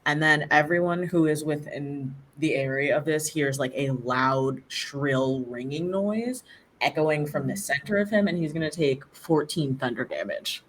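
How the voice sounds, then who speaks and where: Low-voiced woman player at a tabletop game. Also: a little hiss or hum. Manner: describes actions haltingly with fillers, dry humor. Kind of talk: casual tabletop game chat.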